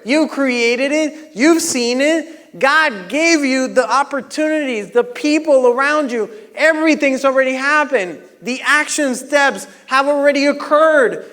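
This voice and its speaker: Male seminar coach, forceful and slow, rallying the crowd on mic; reverberant hall. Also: extremely high pitch. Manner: exhorting, rising to shouts. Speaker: workshop leader. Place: large seminar hall with audience. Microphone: handheld mic.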